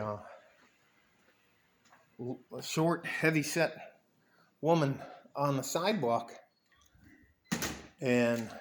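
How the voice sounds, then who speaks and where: A man's voice: on the high side, slight background noise. A middle-aged man telling a story in a casual vlog from his backyard, blunt and profane, rambling with restarts. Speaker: vlogger. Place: outdoors in a backyard by a pool.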